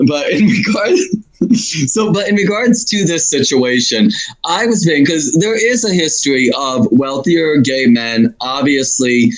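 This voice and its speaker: A man in a casual stream discussion, mid-pitched with an ordinary voice. He talks in a rambling, winding way, often stopping to correct himself before carrying on. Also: low-quality recording.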